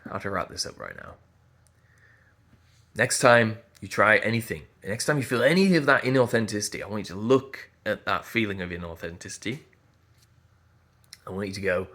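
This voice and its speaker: A man's voice: lowish voice, normal speed, fairly bright tone. A man, a voice teacher giving an earnest, emphatic motivational talk and repeating phrases as he thinks aloud. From Yorkshire.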